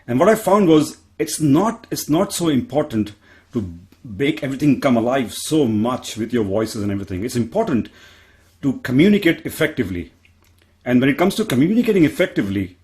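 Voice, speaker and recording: A man's voice: medium pitch, darkish tone. An earnest man with an Indian accent speaks on a panel in an ordinary mid-range voice. He keeps restarting his sentences and pokes fun at himself as he makes his points. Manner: earnest, self-deprecating, frequent restarts. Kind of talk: panel discussion answer.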